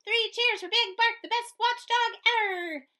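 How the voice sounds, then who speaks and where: A woman voicing an excited crowd of small prairie dogs in a storybook, squealing cheers together. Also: very high voice, slow pace, voice pushed up, heavily acted. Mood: cheering.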